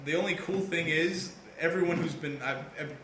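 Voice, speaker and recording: A man on a podcast telling goofy stories in a casual, animated way, laughing loudly and often. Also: on the high side, moderate pace. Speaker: podcast co-host. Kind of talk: casual storytelling chat. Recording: echoey room with faint noise.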